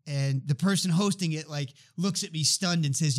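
Animated storytelling man in his fifties. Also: fairly high pitch, normal speed, few pauses. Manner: animated, acts out dialogue in stories. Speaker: guest expert on healthcare change. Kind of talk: conversational storytelling.

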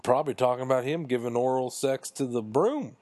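A man's voice: medium pitch, fairly quick, darkish tone, no echo. A man casually telling a crude, self-mocking comic story in a rambling way.

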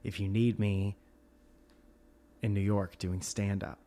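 A man's voice: on the low side, flat delivery, slow, warm tone. A man hosting a podcast, chatting casually and joking while plugging his stand-up dates. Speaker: comedian and podcast host. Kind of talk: casual chat.

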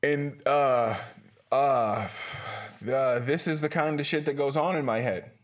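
Slow-talking, profane podcast host man. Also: medium pitch. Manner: profane, self-mocking, rambling. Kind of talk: solo rambling podcast monologue. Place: small closet studio.

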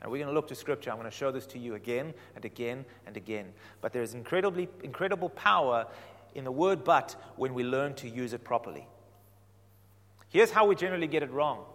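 A man preaching a sermon, animated, swinging from quiet explanation to loud emphatic points. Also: medium pitch, fast talker. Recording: reverberant hall.

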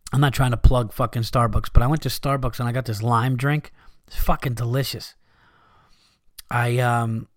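A man hosting a casual podcast tells stories and reacts to listener emails, swearing freely and laughing a lot. His mid-pitched voice is smooth and crisp, recorded dry and close on a studio mic. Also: no room sound. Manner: profane, laughing, animated storyteller. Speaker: podcast host.

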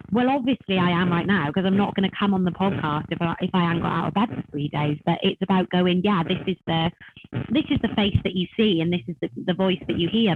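A woman co-hosting a podcast, talking candidly and animatedly in casual chat, swearing freely. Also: lowish voice. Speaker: podcast co-host. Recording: tinny phone-like line, faint hiss.

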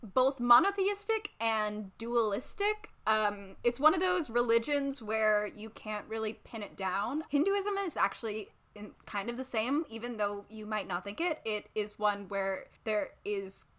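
A young woman chats on a podcast in a bright, clear voice pitched a little high. She giggles often and explains at length, filling pauses with "um" and "uh". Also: animated. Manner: chatty, giggly, explains with fillers. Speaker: podcast co-host. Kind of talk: casual chat.

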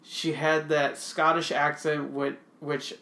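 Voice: mid-range voice, level tone, takes it slowly, sharp tone. A podcast co-host in loose, profane casual chat, laughing often and talking bluntly. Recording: roomy echo.

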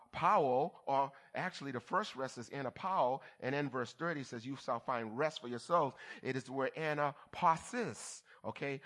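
A man's voice: mid-range voice, fairly bright tone. A man preaching a sermon as pastor, checking in with the congregation and teasing with playful asides. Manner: call-and-response, checks on the congregation.

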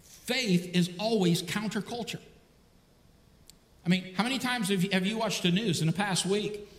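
A man preaches in a relaxed, conversational way, often turning to the listeners with rhetorical questions. His voice sits high for a man. The sound carries the long reverb of a large, echoey hall. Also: normal speed. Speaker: pastor. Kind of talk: sermon.

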